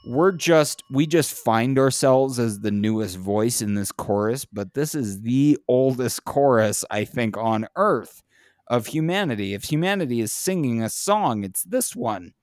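A man in casual chat who talks in a profane, animated way and gets louder and higher when he is worked up. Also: a little slow, no room sound, clean studio sound. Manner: profane, animated, rises in pitch when impassioned.

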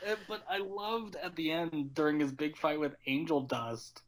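A young man in casual film chat, animated and laughing often. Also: fairly high pitch, moderate pace, a little hiss or hum. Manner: animated, laughing, acts out quotes.

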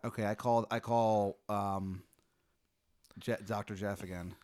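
A man's voice: fairly low pitch, fairly even intonation, unhurried, darkish tone. A man talking as a podcast guest, playfully going along with a hypothetical and swearing freely. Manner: playful, profane, plays along. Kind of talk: casual chat.

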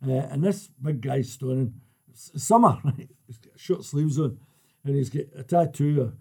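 A man's voice: mid-range voice, moderate pace, vocal fry, slightly rough. An older Scottish man telling football stories in casual chat, laughing as he goes. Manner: lively storyteller who laughs through his tales.

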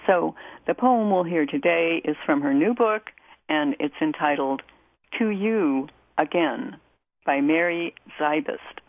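A woman radio host reads a poem in a low, measured voice, taking her time over each line. The sound is thin and tinny, like a phone line, with no room around it. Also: expressive. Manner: measured, deliberate reading. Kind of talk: poetry reading and music introduction.

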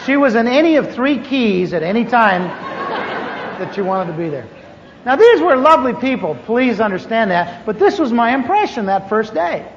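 Older man telling a lively testimony story. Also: extremely high pitch, moderate pace, crowd noise. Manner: animated storyteller who acts out the dialogue. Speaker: speaker giving a personal testimony. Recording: echoey hall, dull lo-fi sound, faint hiss.

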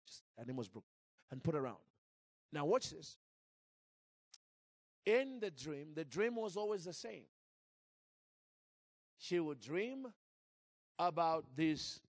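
Guy preaching a story, kinda high voice, dry close sound, lots of restarts. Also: normal speed, dry recording. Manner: animated, with frequent restarts and repeated words. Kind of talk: sermon storytelling.

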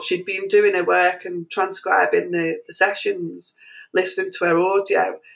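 A middle-aged woman, an interview guest, telling a story in an animated way with many restarts and fillers. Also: medium pitch, creaky, low-quality recording.

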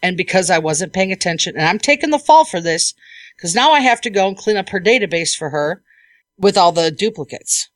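A woman hosting a podcast as an IT technician, telling a work story in a lively, casual way and acting out what people said. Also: lowish voice, brisk, dry recording.

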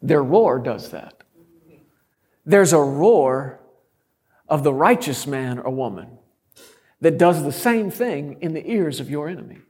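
A man's voice: on the high side, expressive, slow, long pauses, darkish tone, breathy edge. A middle-aged man preaching a sermon as a guest speaker, bold and emphatic with touches of humor.

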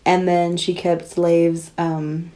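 A woman co-hosting a casual podcast, talking in a playful, joking way with quick laughs. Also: lowish voice, flat delivery, warm tone. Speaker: podcast co-host.

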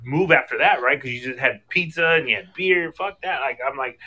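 A man's voice: medium pitch, a little fast, pushed and bright. A man guesting on a podcast, complaining with profanity in casual chat.

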